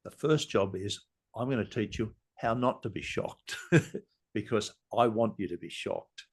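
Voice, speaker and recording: A man, a communication trainer and podcast guest, who tells stories in an animated way, laughs often and acts out scenes. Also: lowish voice, measured pace, breathy edge. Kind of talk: casual interview talk.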